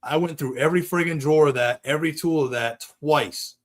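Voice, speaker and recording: Guy swearing thru a long rambly story, kinda high voice, casual podcast chat. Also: a little fast. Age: adult with young kids. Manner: profane, rambling, animated storyteller. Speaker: podcast host, custom bike builder.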